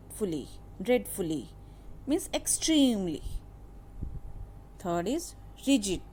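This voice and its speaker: A woman teaching an English lesson who explains new words slowly and repeats them for her students. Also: on the high side, slight background noise. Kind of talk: classroom lesson.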